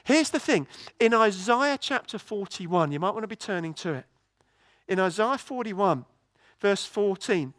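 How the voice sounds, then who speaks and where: A man preaching a sermon in a church, telling a story in a lively way with many restarts. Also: high-pitched, unhurried, no echo.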